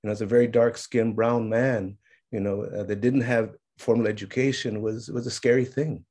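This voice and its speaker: A middle-aged man telling family stories in a reflective conversation, slipping Spanish phrases in among many fillers and growing animated as he goes. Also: mid-range voice, moderate pace. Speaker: speaker sharing his life's work.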